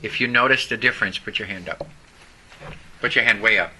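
A man preaching a sermon, slow and emphatic, repeating key words to his congregation. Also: fairly low pitch, bright, forceful tone, slight background noise, rough recording. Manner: preaching slowly with emphatic repetition. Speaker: pastor.

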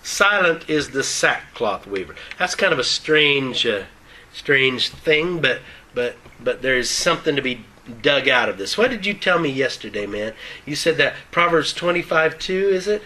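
A man's voice: medium pitch, sing-song, a little slow, pushed and bright, low-quality recording. An older man preaching in an informal Bible teaching, joking in a folksy way between readings of scripture and speaking around loose-fitting dentures.

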